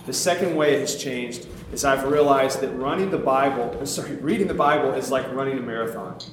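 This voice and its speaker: Animated preacher in a very echoey hall. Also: male voice, mid-range voice, fairly quick, slight background noise. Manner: animated, conversational, self-mocking, laughs often. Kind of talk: sermon.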